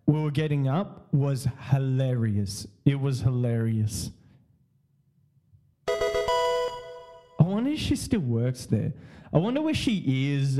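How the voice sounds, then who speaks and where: A man's voice: on the high side, warm tone. A man hosting a podcast, telling a story casually in a rambling, repetitive way, laughing often and swearing freely. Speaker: podcast host.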